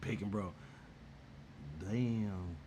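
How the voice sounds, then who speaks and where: A man's voice: fairly low pitch, steady tone, very slow, background noise. A man hosting a casual gaming chat, talking in slang, teasing people and laughing often. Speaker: gaming channel host.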